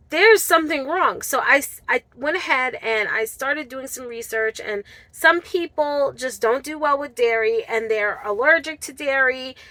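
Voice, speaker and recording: Woman vlogger, bright and a little high, earnest personal story, dry close sound. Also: no room sound. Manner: earnest, heartfelt, addresses viewers as guys. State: tearful at times.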